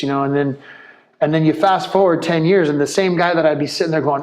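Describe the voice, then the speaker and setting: A retired police officer speaking in a casual interview, blunt and animated, full of "like" and "man". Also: fairly high pitch, fast talker, poor audio.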